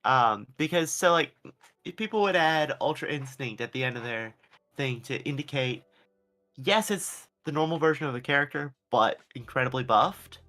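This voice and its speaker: A man's voice: mid-range voice, lively intonation, normal speed, bright, forceful tone, faint music behind. A man chatting casually on a stream as co-host, explaining things hesitantly with lots of fillers.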